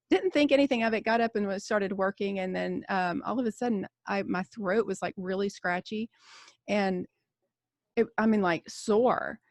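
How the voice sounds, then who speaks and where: A woman in her forties with a gravelly edge to her voice, speaking as a nurse in a casual roundtable podcast chat. She talks candidly and rambles, with plenty of fillers and restarts. The sound is close and dry, with no room around it. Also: medium pitch, no echo. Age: 40s.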